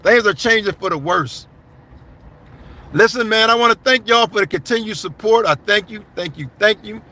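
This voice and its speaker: A man's voice: sits high, normal speed, bright, forceful tone. A man doing casual live-stream commentary, reading viewer comments aloud and answering them bluntly. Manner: blunt, conversational, addresses viewers as y'all and man. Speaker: livestream commentator.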